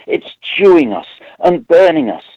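A man performs a rhyming poem at an unhurried pace, keeping a steady, deliberate beat. The recording is dry and close, with a dull, lo-fi tone. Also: fairly high pitch, breathy edge, no echo. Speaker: poet. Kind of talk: rhythmic performance poetry.

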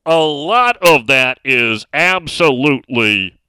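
A man's voice: mid-range voice, expressive, slow pace, bright, forceful tone, clear, resonant tone, dry recording. A middle-aged man hosting a sports talk radio show, speaking emphatically and reading out listener messages.

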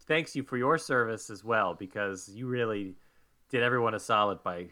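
A man in a comedic improv chat, telling a story in a deadpan way and acting out the quotes. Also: fairly low pitch, moderate pace.

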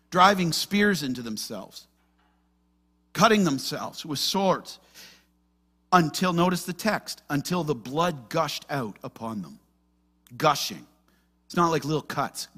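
A man preaching to his church, his fairly high voice bright and forward. His pitch leaps and falls as he drives his points home. He slips into the voices of the people in the story as he goes. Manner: animated, acts out quoted voices. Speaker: pastor. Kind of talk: expository sermon.

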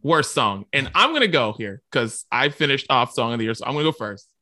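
Brief: male podcast co-host, bright tone, dry close sound, emphatic casual delivery. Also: medium pitch, lively intonation, fairly quick, dry recording. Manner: emphatic, ranting about songs. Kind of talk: casual chat.

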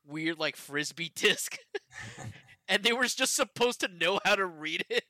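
Male podcast guest, laid-back, lively bright voice. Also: high voice, a little slow, no room sound. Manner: laid-back, laughs often. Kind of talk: casual chat.

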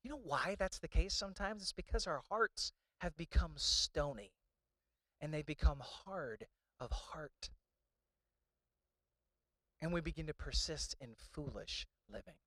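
A man's voice: fairly high pitch, expressive, measured pace, pauses often, a bit bright, no room sound. A man preaching a sermon in a conversational, storytelling way, with many restarts. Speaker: pastor.

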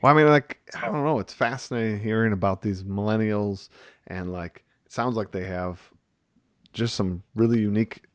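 A man hosting a relaxed talk about teaching, animated and chatty with many fillers. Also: fairly low pitch, moderate pace, no echo. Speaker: podcast host and teacher. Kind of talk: casual conversation.

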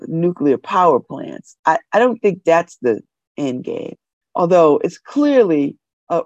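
A woman radio host talking in a loose, slangy way, her pitch swinging up and down as she riffs. She repeats phrases for emphasis and laughs often. The sound is dry with no room, but a little dull and muffled. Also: dry recording. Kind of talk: casual radio commentary monologue.

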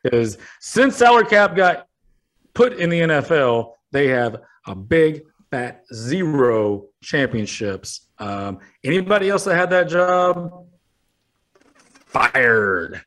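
A man's voice: on the high side, big pitch swings, slow pace, a bit bright. A man co-hosting a podcast, joking about sports with plenty of swearing. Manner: joking, profane, laughing. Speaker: podcast co-host. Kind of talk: casual sports chat.

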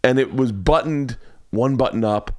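A man's voice: mid-range voice, normal speed, dark tone, no room sound. A man hosting a casual podcast from a home studio, telling a rambling, worked-up anecdote and swearing freely. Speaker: podcast host and comedian. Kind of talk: casual storytelling chat.

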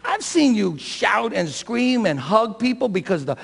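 Fervent gravelly-voiced preacher in reverb. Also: male voice, high voice, sing-song, measured pace. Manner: fervent preacher, swings from soft to shouting; self-described shouter and crier. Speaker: pastor. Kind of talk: sermon. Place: church sanctuary.

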